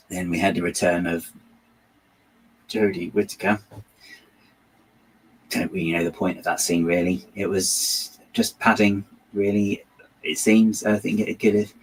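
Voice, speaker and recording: Guy rambling his opinions while building, kinda low voice, lots of ums, faint hum behind. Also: low-quality recording. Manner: rambling, hesitant, wry and opinionated. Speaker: host of a building channel. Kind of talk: casual chat while building.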